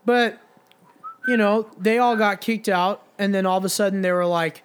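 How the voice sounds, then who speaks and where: A man's voice: sits high, steady tone, moderate pace, clear, resonant tone. A young man casually telling a long, profane bar story on a podcast, quoting the people in it. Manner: profane, rambling anecdote with quoted voices. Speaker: podcast co-host.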